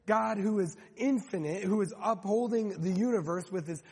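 A man's voice: high-pitched, normal speed, a little mellow, breathy edge. A man preaching a sermon as pastor, speaking conversationally with frequent restarts and rhetorical questions. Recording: long hall reverb.

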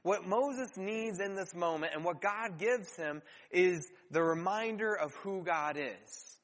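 A man preaching a sermon as pastor, earnest, with rhetorical questions and dramatic pauses. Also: high-pitched, a bit bright, in a large hall.

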